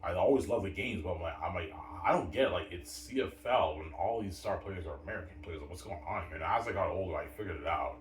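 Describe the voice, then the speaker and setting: A man's voice: low voice, fast talker, hardly any pauses, echoey room, far from the mic, a little hiss or hum. A man from Canada giving blunt, opinionated answers to chat questions in a casual livestream, often repeating words and saying "man".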